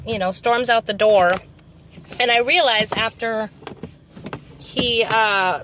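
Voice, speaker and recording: Chatty woman telling a story from her car. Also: a little high. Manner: chatty, rambling, animated retelling. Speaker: vlogger. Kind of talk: casual storytelling while driving. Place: inside a car. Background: faint car noise.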